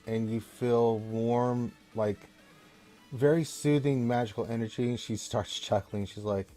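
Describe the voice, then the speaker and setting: Dark-voiced man running a tabletop game. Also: mid-range voice. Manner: rambling, halting descriptions with many fillers. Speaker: game master.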